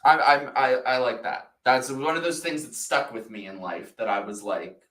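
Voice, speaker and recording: A man hosting a casual live-stream chat, loud, crude and excitable, quick to laugh. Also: mid-range voice, roomy sound. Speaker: podcast host.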